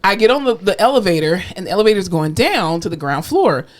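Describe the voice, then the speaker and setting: A woman's voice: medium pitch, fast. A young woman co-hosting a casual podcast chat, telling hospital stories animatedly, acting out what people said and laughing often. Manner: animated storyteller, acts out quotes, laughs often. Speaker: podcast co-host, therapist.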